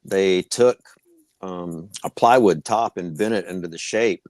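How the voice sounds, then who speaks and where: Low-voiced playful podcast co-host man. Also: measured pace, a little mellow, dry recording. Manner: playful, enthusiastic about guitars. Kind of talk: casual podcast chat.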